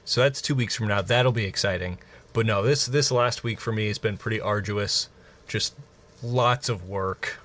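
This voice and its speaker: A man co-hosting a casual podcast, with relaxed, slangy banter. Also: fairly low pitch, moderate pace. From Midwestern US. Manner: laid-back slangy banter, says bro and dude. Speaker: podcast co-host. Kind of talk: casual chat.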